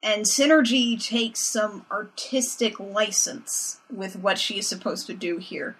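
A young adult woman co-hosting a podcast, recapping a cartoon episode in a wry, animated, casual way. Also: mid-range voice, unhurried, slightly rough. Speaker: podcast co-host.

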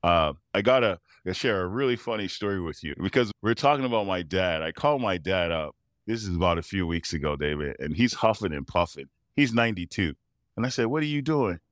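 Deep-voiced man telling lively stories. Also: brisk, no room sound, clean studio sound. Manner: animated storyteller who acts out quoted voices and laughs often. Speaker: interview guest, professional tuba player. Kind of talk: storytelling in a casual interview.

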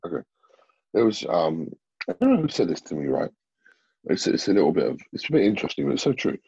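A man's voice: deep voice, big pitch swings, fast, vocal fry, darkish tone, breathy edge, no room sound, lo-fi sound. A man talking as a bodybuilder guest in a casual interview, blunt and swearing freely.

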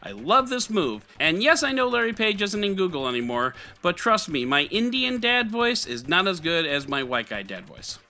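A man's voice: high-pitched, very animated, moderate pace, few pauses, bright, forceful tone. A man hosting a scripted tech news podcast with a wry, sarcastic delivery. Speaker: podcast host.

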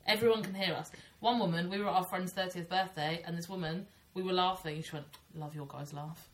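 A woman in her twenties co-hosting a podcast, chatting casually with a giggly, animated storytelling manner. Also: fairly low pitch, a little fast. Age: 20s. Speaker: podcast co-host. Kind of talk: casual chat.

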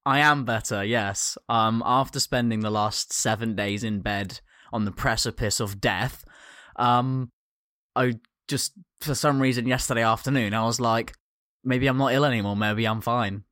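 Man, podcast co-host, bright voice, giggly, rambling, dry close sound. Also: mid-range voice, steady tone, normal speed, no echo. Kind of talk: casual podcast chat.

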